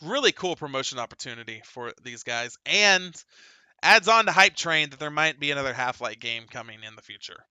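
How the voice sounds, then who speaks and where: A male podcast host with a very bright, crisp and clear voice, recorded dry and close to the mic. He chats casually and laughs a lot, with fillers scattered between the news he reads. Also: on the high side, expressive, brisk, no room sound. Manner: chatty, laughs often, many fillers. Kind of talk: casual gaming podcast chat and news reading.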